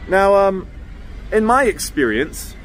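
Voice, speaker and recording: A man's voice: sits high, big pitch swings, takes it slowly, a bit bright. A man walking through city streets as he films a vlog, talking in a chatty, sardonic way with mocking asides, into a handheld camera mic. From England. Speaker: street vlogger. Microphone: handheld camera mic while walking. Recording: faint street traffic noise behind.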